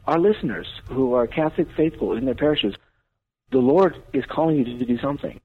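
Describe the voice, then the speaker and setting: A man's voice: mid-range voice, expressive, fairly quick, slightly rough. A man, a priest, talking earnestly on a radio talk show with a preaching cadence. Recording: tinny phone-line radio audio.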